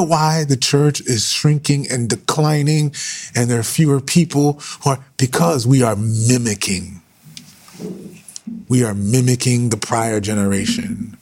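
A man preaching fervently in a husky, breathy voice, hammering each point by saying it again and again. He talks directly to his listeners as he goes, in a live-streamed style of preaching. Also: mid-range voice, a little slow, darkish tone. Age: adult with sons. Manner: fervent, repeating phrases for emphasis. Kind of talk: impassioned preaching on a livestream.

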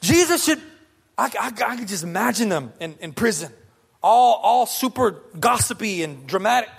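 A man preaching a sermon as pastor, conversational and lively, firing off rhetorical questions to the congregation. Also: sits high, moderate pace, gravelly, husky.

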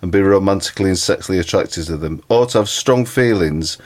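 A man's voice: low voice, brisk. A man co-hosting, reading a word's origin, definition and quotes aloud, earnest and reflective. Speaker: co-host.

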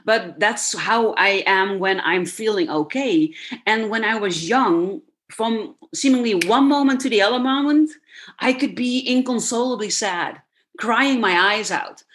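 A woman's voice: medium pitch, unhurried, a bit bright. Reflective woman, candid. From Netherlands. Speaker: guest, transformation coach. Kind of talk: podcast interview talk.

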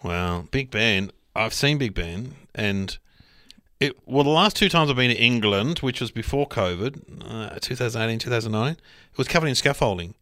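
A man's voice: mid-range voice, lively intonation, fairly bright tone, no echo, clean studio sound. An Australian man hosting a podcast, chatting casually and telling jokey stories. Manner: jokey, storytelling, quick to laugh. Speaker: podcast host. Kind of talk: casual chat.

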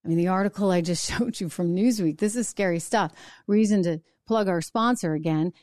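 A woman's voice: lowish voice, brisk, a little mellow, no echo, clean studio sound. A middle-aged woman hosting an opinion show, delivering a sarcastic, indignant monologue full of rhetorical questions. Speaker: show host.

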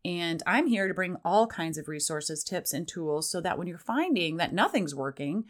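A woman's voice: lowish voice, lively intonation, moderate pace. A woman hosting a parenting podcast, chatting casually and acting out parent lines in a raised voice. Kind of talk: casual solo podcast talk.

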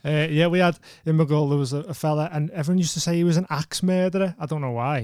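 A man's voice: fairly high pitch, steady tone, fast talker, a little mellow, clean tone, dry recording, clean studio sound. A man co-hosting a podcast, laid-back and drily mocking, telling a story from childhood. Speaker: podcast co-host. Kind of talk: casual storytelling chat.

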